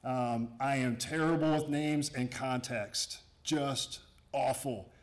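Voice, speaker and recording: A man's voice: mid-range voice, slow. A middle-aged man, an Army garrison commander, giving an informal, joking talk to his workforce in a room, full of asides and restarts. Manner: joking and sarcastic; conversational, with frequent asides and restarts. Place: room with an audience.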